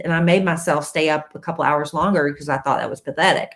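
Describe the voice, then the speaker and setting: A woman's voice: sits low, steady tone, fast. A middle-aged woman, chatting casually as co-host of a live stream, playful and talkative. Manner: chatty, playful, baby-talks to the dog.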